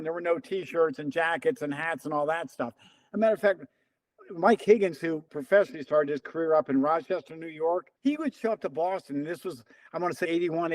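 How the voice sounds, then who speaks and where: A man's voice: on the high side, no echo, rough recording. A man around seventy, a former runner interviewed as a guest, telling stories and acting out the lines of the people in them. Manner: animated storyteller who acts out quoted dialogue. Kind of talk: casual storytelling interview.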